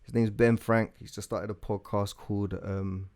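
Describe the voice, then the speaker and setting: A man's voice: fairly low pitch, little pitch movement, normal speed, a little mellow. Laid-back man hosting. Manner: laid-back, laughs often, "you get me" slang. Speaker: podcast host. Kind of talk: casual podcast chat.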